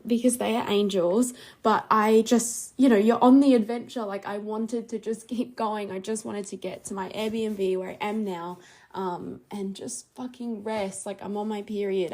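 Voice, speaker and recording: Brief: young female podcast host, mellow mid-pitched voice, rambling conversational storytelling. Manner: chatty, many ums and likes, laughs while telling, whispers quoted lines. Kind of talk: casual storytelling monologue.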